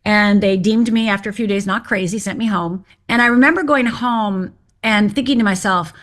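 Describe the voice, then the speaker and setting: A woman's voice: mid-range voice, moderate pace. A middle-aged woman from Upper Michigan, a guest on an interview show, telling her life story in a candid, direct and wry way.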